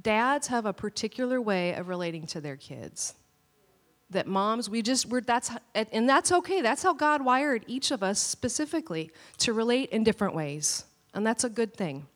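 A woman pastor preaching a sermon with animated, storytelling delivery. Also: on the high side, normal speed. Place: church hall. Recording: long church hall reverb.

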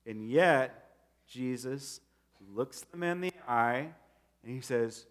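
A man in his thirties, a pastor, preaching a sermon in a conversational, animated way and acting out quotes. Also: mid-range voice, slow.

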